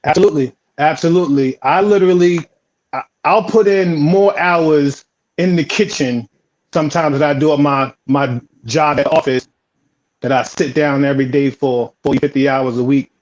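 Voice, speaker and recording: A man with a New York accent, a home baker, speaks in a relaxed, rambling way, circling back on his first words. His voice sits a little high. The recording is dull and lo-fi. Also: moderate pace. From Philadelphia, raised on Staten Island. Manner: relaxed, repeats and stammers at phrase starts. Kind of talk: casual storytelling. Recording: dull lo-fi audio.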